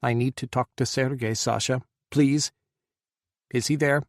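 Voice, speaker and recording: A man's voice: medium pitch, steady tone, measured pace, dry recording, clean studio sound, close to an everyday voice. A man voicing a grieving former president who pleads urgently for help. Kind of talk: audiobook character voice.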